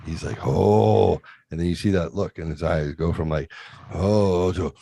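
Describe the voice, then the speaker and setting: Young male host, very low voice, dry close sound, rambling and profane storyteller. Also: fast, no echo. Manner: profane, rambling, animated retelling. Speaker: podcast host. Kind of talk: casual storytelling.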